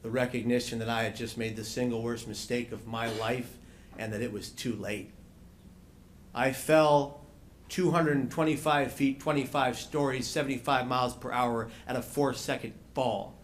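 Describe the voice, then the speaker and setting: A man giving a speech as a panel speaker, telling a personal story with dramatic, slowed phrasing and touches of wry humor. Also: mid-range voice, steady tone, a little hiss or hum.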